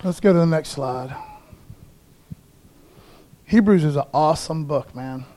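High-voiced folksy preacher man. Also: a little slow, mellow. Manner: folksy, informal, says "man" and "you know" a lot; jokey asides to the congregation. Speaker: pastor. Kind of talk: casual sermon. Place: church sanctuary.

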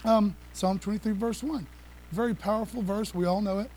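A male preacher giving an excited, conversational sermon, talking fast with laughs and casual asides. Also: sits high, slight background noise, low-quality recording. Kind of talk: energetic sermon with slides.

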